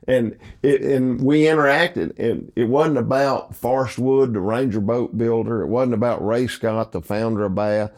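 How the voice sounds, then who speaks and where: An older man, hosting a casual chat and telling an animated story. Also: medium pitch, moderate pace, hardly any pauses. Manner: animated storyteller acting out other people's voices. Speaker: host.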